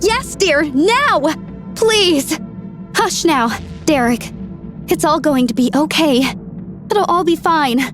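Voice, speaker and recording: Actress as a high, slow, sing-song alien mom, comforting, music behind. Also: female voice, animated. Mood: soothing. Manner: soft, comforting. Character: alien mother, soothing and doting. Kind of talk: animated short voice acting.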